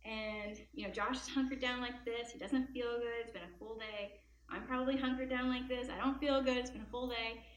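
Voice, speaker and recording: A woman's voice: on the high side, a little fast, a little hiss or hum. A woman speaking at a Christian event, giving an earnest devotional talk and telling personal stories with casual asides. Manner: earnest, animated storytelling with asides. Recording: echoey room with faint ambience.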